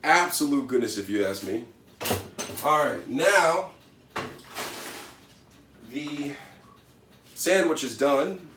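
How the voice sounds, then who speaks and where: Speaking slowly with frequent pauses, a man with a fairly high, slightly bright voice hosts a parody cooking video in his home kitchen, and a little hiss or hum is audible. The comedic vlogger plays it deadpan, boasting directly to viewers with recurring catchphrases.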